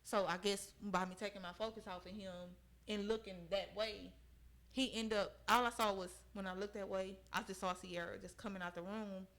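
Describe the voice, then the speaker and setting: A woman's voice: medium pitch, steady tone, moderate pace, fairly bright tone. A young woman, a podcast guest, earnestly recounting a personal story in conversation and often checking in with her listeners.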